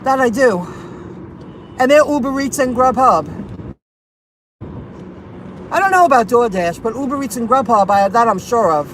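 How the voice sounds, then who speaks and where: A woman's voice: a little high, expressive, moderate pace, pauses often. A woman rideshare driver chatting casually to her viewers, telling an indignant story and reading out their comments. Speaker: rideshare and delivery driver vlogger. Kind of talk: casual venting chat to viewers. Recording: noisy car and street background.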